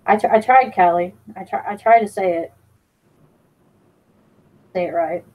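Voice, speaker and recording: A woman's voice: medium pitch, unhurried, dark tone, poor audio. A woman live streamer chatting casually, teasing and reading her chat aloud, with plenty of ums and restarts. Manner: fillers and restarts.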